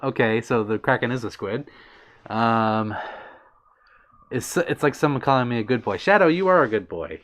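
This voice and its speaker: Hosting a relaxed livestream, a man reads out comments from viewers, giggling playfully and shyly waving away compliments. His voice is medium in pitch and a bit bright.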